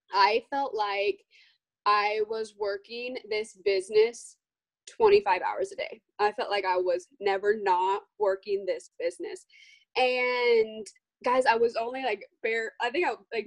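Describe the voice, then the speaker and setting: A young woman sharing her experience on a group call, telling it in an animated, self-deprecating way. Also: a little high, no room sound, poor audio. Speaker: team leader sharing tips. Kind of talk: casual testimony on a group call.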